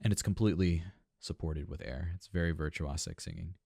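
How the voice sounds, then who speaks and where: A man's voice: deep voice, fairly quick, gravelly, warm tone, husky, no echo. A man working as a vocal coach, reacting to a song and explaining singing technique in an analytical, thinking-aloud way. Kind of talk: music reaction commentary.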